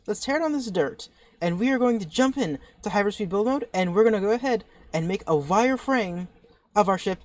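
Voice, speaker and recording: A woman giving casual gameplay commentary as a channel host. She talks excitedly, thinking aloud and restarting her sentences. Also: medium pitch, a little fast.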